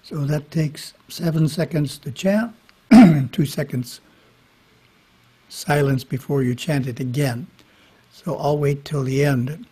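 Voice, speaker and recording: A man giving a spiritual talk, reading scripture in a measured way with brief casual asides. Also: fairly high pitch, warm tone, slightly rough. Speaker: monastery teacher. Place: monastery. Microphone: webinar microphone.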